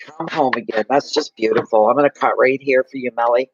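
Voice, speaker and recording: A man giving a live tarot card reading, gushing and emotional, slow and soothing. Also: medium pitch, fairly even intonation, highs cut off, slight background noise.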